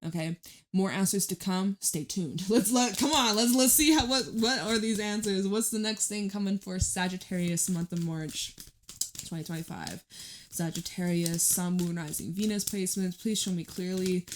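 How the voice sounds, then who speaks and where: A woman's voice: mid-range voice, steady tone, normal speed, slight background noise. A woman giving a casual tarot reading, chatty and emphatic, who swears freely. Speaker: tarot reader.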